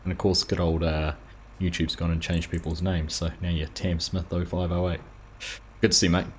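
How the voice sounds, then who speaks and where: A man's voice: low voice, flat delivery, moderate pace, a little hiss or hum. A man hosting a live game stream, chatting casually and greeting viewers by name as he plays. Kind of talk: casual live-stream commentary while playing.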